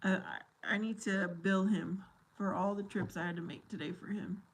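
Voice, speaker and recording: A woman's voice: medium pitch, steady tone, normal speed, slight background noise. A middle-aged woman hosting a casual livestream chat with her viewers, silly and giggly. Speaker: livestream host.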